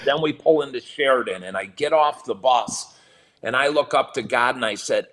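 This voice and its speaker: A man who is a podcast guest, telling profane, animated stories and chuckling between them. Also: medium pitch, moderate pace. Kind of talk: casual storytelling.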